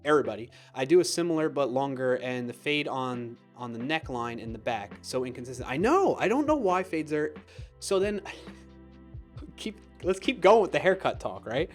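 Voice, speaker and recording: A man's voice: medium pitch, lively intonation, moderate pace, faint music behind. A man hosting a live stream, chatting casually, reading viewer comments aloud and laughing at himself. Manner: chatty and self-deprecating, laughs often.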